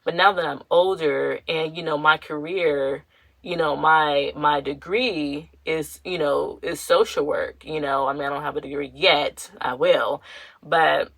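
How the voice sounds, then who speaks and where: A woman's voice: deep voice, fairly even intonation, a little slow, creaky, a bit bright, dry recording, low-quality recording. A young woman hosting her own podcast, talking candidly and rambling, with lots of fillers and slang. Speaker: podcast host. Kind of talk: casual personal podcast talk.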